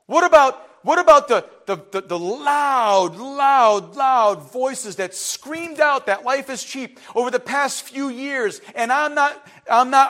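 A man, preaching an impassioned sermon that builds to shouting. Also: extremely high pitch. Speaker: pastor.

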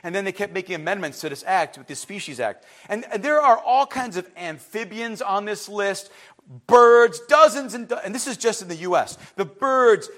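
A man, preaching an impassioned sermon that builds to shouting. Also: high-pitched, lively intonation, normal speed. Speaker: pastor.

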